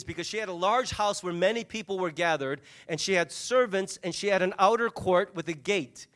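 A high-pitched man delivers a sermon with animated storytelling energy. He retells a scene, dropping into the voices of its people. His delivery shifts between quick asides to the congregation and slowed, emphatic moments. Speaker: pastor.

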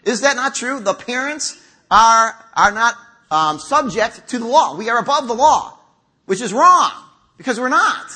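A man's voice: very high voice, expressive, unhurried, pushed and bright, slightly rough. A middle-aged man preaching a conversational sermon in a church, acting out quotes as he goes. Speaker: pastor. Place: church sanctuary.

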